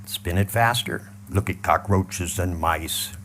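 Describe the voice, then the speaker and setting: A man leading a live audience through a mental exercise, mixing blunt swearing with calm repeated cues. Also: low voice, slow, slight background noise. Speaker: seminar trainer.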